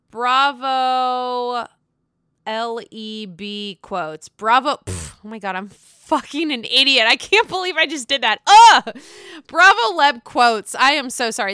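A young woman casually chatting about celebrity gossip, animated and sassy, swearing freely and laughing at her own slip-ups. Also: medium pitch, clear, resonant tone, no room sound, studio quality. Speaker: vlogger recapping reality TV gossip.

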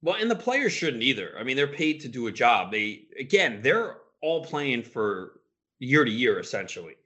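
Bright-toned, frustrated man. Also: medium pitch, moderate pace, lo-fi sound. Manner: animated, frustrated, retells conversations. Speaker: sports podcast co-host. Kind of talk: casual sports talk.

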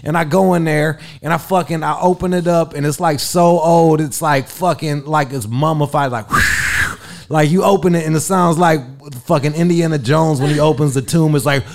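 A man's voice: on the high side, normal speed. Profane, rambling storyteller man. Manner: profane, rambling, lots of fillers; animated comic storytelling. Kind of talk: casual podcast storytelling.

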